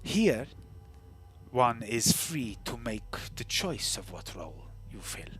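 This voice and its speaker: A man voicing a scheming female arena boss through a voice changer, hushed and breathy. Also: medium pitch, very animated, slow pace, soft background music.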